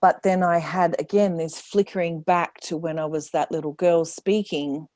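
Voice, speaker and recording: A woman with a very low voice talks candidly as a podcast guest. She acts out her own inner thoughts and laughs often, and the sound is close and dry. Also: fairly even intonation, moderate pace, darkish tone, no echo. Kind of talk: casual conversation.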